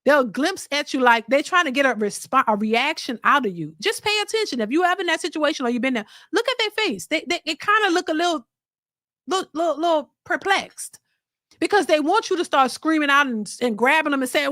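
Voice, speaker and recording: A woman hosting a livestream, thanking viewers for super chats and giving blunt, animated opinions. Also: high voice, a little fast, no echo, studio quality. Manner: blunt and animated, slipping into mocking voices. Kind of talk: casual opinion commentary.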